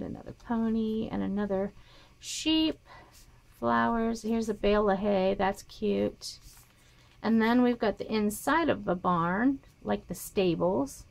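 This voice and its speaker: A woman's voice: medium pitch, vocal fry. A woman showing paper crafting supplies in a casual haul video, naming each piece and gushing over how cute they are. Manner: reads items aloud, gushing softly. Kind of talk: casual show-and-tell haul.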